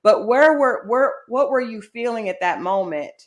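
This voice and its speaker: A woman's voice: fairly high pitch, animated, moderate pace. A woman hosting an interview, asking probing, supportive questions in casual chat. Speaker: host, interviewer.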